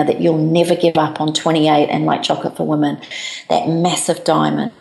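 A woman voicing her nine-year-old son, an earnest, blunt boy, in a low, gravelly voice. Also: darkish tone, roomy sound, rough recording.

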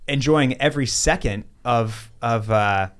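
A man's voice: mid-range voice, measured pace, a little hiss or hum. A man co-hosting a casual podcast, chatty, often restarting his sentences. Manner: chatty, stumbling over words. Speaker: podcast co-host.

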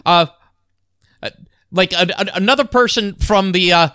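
A man's voice: sits high, normal speed, bright, forceful tone, smooth, no echo, clean studio sound. A man co-hosting a podcast in casual chat, hesitant with fillers and full of trivia. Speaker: podcast co-host. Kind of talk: casual chat about old sitcoms.

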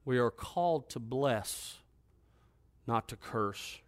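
A man, a pastor, preaching a sermon and reading scripture aloud. His pitch rises when he exhorts the congregation. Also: lively intonation, slow, no echo.

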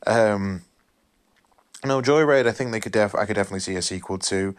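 Tired, rambling man, low voice. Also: a little fast. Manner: rambling, apologetic, full of fillers and restarts. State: tired, yawning. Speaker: film review host. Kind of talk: casual spoken film review.

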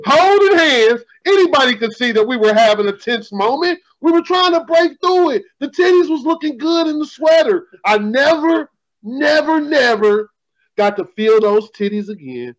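A man hosting a podcast, telling profane stories in a casual, animated way. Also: extremely high pitch, normal speed, hardly any pauses, rough recording. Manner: profane, animated storytelling, laughing. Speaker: podcast host. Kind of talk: casual storytelling chat.

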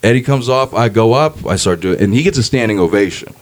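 A man's voice: fairly low pitch, fairly quick. A man, a stand-up comedian, telling a story in a casual podcast chat, swearing freely and acting out the people in it. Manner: animated, swearing, acts out quoted voices.

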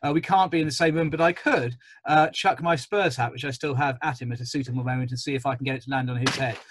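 A man's voice: mid-range voice, steady tone, fast talker, noisy background. A man in his forties, hosting a webinar panel on a video call in a genial, chatty way with frequent ums. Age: 40s. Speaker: webinar host.

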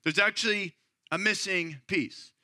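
A man in his thirties giving a sermon as a pastor, telling a personal story in a relaxed conversational way with frequent "right?" asides. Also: high-pitched, unhurried, no room sound. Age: 30s.

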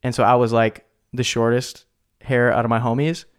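A man's voice: medium pitch, little pitch movement, normal speed, clear, resonant tone. A man in his twenties, a podcast guest, telling a story in a laid-back, slangy way, with lots of "like" and "dude". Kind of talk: casual storytelling.

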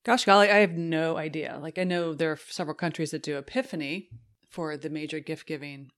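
A woman's voice: sits low, a little fast. Teasing woman co-hosting a chat. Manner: teasing, laughs often, asks questions. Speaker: podcast co-host. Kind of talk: casual chat.

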